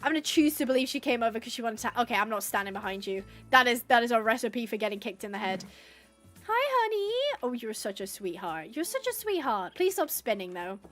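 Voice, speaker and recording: Chatty high-voiced woman streamer. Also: lively intonation, fast talker, hardly any pauses, fairly bright tone, soft background music. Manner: chatty, reads out chat suggestions, coos at animals. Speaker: livestreamer playing a horse-rescue game. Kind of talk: casual live-stream chat.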